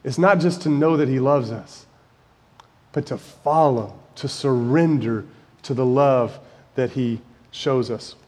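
Slow and medium-pitched, with a darkish tone, a forties-aged preacher who teaches high school Bible delivers an earnest, story-driven sermon in a conversational style that reaches emphatic peaks. The sound has the lingering reverb of a large hall.

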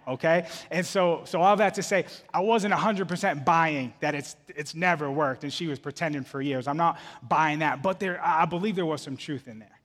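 A male pastor preaching in a relaxed, conversational way, with his voice sitting a little high. He keeps stopping and restarting phrases as he talks. A long reverb trails behind him in a church hall. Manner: conversational storytelling with frequent restarts. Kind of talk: sermon.

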